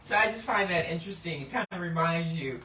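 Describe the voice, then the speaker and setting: A woman hosting a casual Bible lesson, laughing often and slowing down to read scripture with emphasis. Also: on the low side, lively intonation, sharp tone. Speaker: Bible teacher and host. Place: indoor room. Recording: echoey room, mic at a distance, faint background noise.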